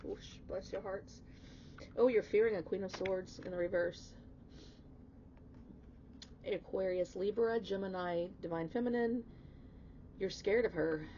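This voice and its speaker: A woman's voice: medium pitch, a little slow, pauses often, warm tone, lo-fi sound, a little hiss or hum. Chatty woman giving a tarot reading. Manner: emphatic, chatty, swings into emotional outbursts; blunt, swears casually. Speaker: tarot reader. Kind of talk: casual spoken tarot reading.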